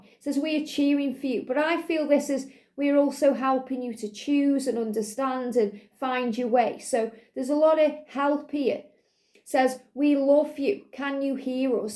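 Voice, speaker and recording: A woman doing a spiritual card reading for viewers, speaking in a soothing, reassuring way with lots of gentle repetition. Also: high voice. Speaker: psychic tarot reader.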